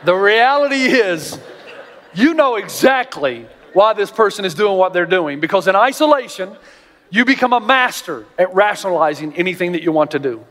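A man with a high voice delivers a sermon as a pastor. He tells stories with lively animation, his voice jumping up to act out others. The sound carries a long reverb from a large church auditorium. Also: moderate pace, a little hiss or hum. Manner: animated storytelling, jumps high for quoted voices.

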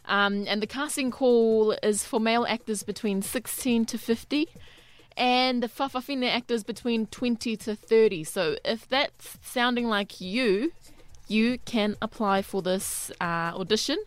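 A woman's voice: a little high, measured pace. A woman co-hosting a casual radio chat in a studio, talking with frequent fillers. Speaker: radio co-host.

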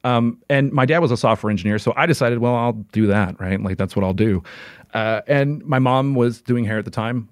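A man's voice: mid-range voice, brisk, dry recording, studio quality. Rambling, chatty male interview guest. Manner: rambling, full of "like" and restarts, laughs often. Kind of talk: casual interview chat.

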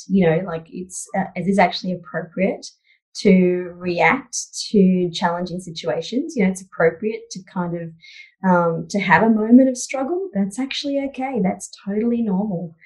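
A woman's voice: fairly low pitch, low-quality recording. Woman psychologist talking things through. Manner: thoughtful, frequent "you know" fillers, warm laughs. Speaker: psychologist guest. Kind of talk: conversational interview answers.

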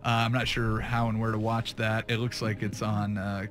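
A man's voice: lowish voice, flat delivery, moderate pace, a bit bright. A man hosting a sports radio show, joking in a loose, wry way. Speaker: radio host. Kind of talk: casual sports radio chat.

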